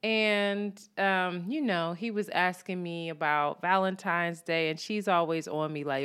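A woman hosting a casual podcast chat, relaxed and candid, swearing freely and giving shout-outs. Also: lowish voice, a little slow, few pauses, clean tone. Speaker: podcast host.

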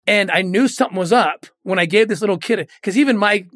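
A man's voice: high voice, fast talker, a bit bright, no room sound, clean studio sound. A middle-aged man, a guest in an interview, telling a moving story earnestly and often repeating words when moved.

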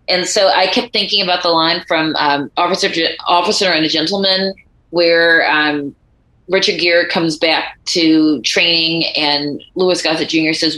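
A woman author speaks as an interview guest, telling her stories with lively energy and playing out quoted lines. Her voice sits a little low but sounds bright and forceful. The room around her carries a clear echo. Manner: animated storyteller acting out quoted voices. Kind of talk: conversational interview.

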